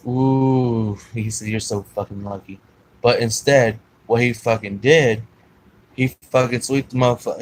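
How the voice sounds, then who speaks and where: Low-voiced man rambling through a story. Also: low-quality recording. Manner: profane, rambling, many fillers and restarts. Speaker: vlogger telling his life story.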